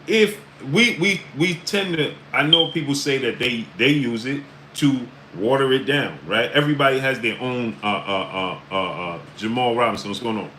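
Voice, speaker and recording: On poor audio with slight background noise, a man with a mid-range voice delivers casual livestream commentary at a moderate pace with few pauses. He's from the New York area, greets chatters by name, and repeats "right?" and "uh" constantly.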